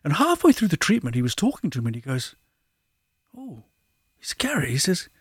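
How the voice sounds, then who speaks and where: A man who works as an osteopath and acupuncturist, telling anecdotes as a guest in a relaxed, chatty way. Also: fairly high pitch, a little fast, pauses often, slightly rough, no echo, clean studio sound. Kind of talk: conversational anecdotes.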